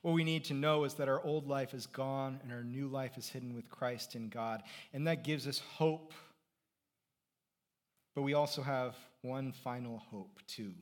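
A middle-aged man preaching a sermon as pastor, conversational, swinging from loud emphasis to quiet reflection. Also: medium pitch.

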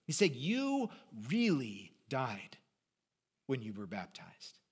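Speaking slowly at a medium pitch with a breathy edge, a male pastor preaches animatedly. His sermon swings from loud emphasis to soft, chatty asides, and he jokes with the congregation.

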